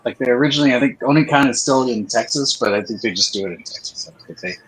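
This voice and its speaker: A man shares stories on a drawing livestream in an easygoing way. His voice is a little husky. He shares his stories in a calm, unhurried way. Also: mid-range voice, low-quality recording. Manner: easygoing, tells anecdotes. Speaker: artist co-host. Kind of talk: casual storytelling chat.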